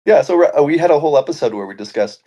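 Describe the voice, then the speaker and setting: A man's voice: fairly high pitch, expressive, fast, dark tone, muffled recording. A man co-hosting a casual podcast chat, joking and rambling, laughing often. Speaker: podcast co-host.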